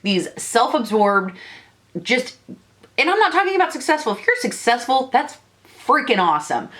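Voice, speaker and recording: A woman's voice: a little high, big pitch swings, normal speed, a bit bright. A young woman beauty vlogger chatting while she does her makeup, ranty and indignant, rambling with restarts. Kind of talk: casual chat while doing makeup.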